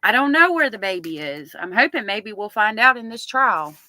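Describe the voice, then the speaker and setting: A woman's voice: medium pitch, animated, normal speed, pushed and bright, no room sound, poor audio. A middle-aged woman hosting a casual livestream, chatting with viewers and reading their comments aloud. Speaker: livestream host covering a trial.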